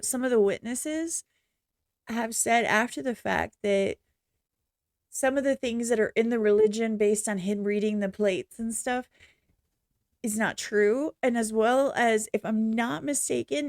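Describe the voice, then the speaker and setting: A woman's voice: fairly high pitch, darkish tone, no echo, studio quality. Rambling, blunt woman reacting. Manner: rambling, halting, bluntly opinionated. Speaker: reaction channel host. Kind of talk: casual unscripted reaction commentary.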